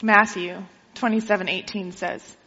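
A woman preacher who tells a parable in a lively way during a sermon and keeps checking in with her listeners. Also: mid-range voice, measured pace. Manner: lively storytelling, asks listeners questions. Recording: dull with long hall reverb.

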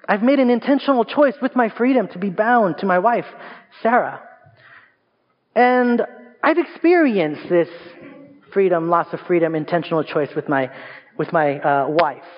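A young adult male pastor preaching a sermon, telling stories in a lively way and pushing his voice higher for emphasis. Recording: dull sound with long reverb.

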